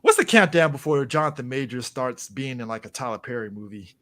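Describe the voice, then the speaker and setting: A man's voice: medium pitch, expressive, brisk, bright, forceful tone. A man co-hosting a podcast, chatting casually and running through movie picks. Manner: chatty, recommending movies, laughing often. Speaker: podcast co-host. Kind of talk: casual chat.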